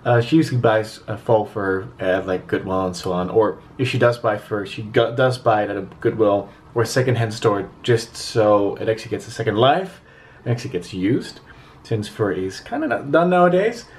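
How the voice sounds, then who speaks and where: A man's voice: on the low side, expressive, normal speed. A man who speaks Dutch as his first language, chatting casually to camera in a rambling vlog with many fillers, recorded on a handheld camera mic. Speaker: vlogger. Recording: light background noise.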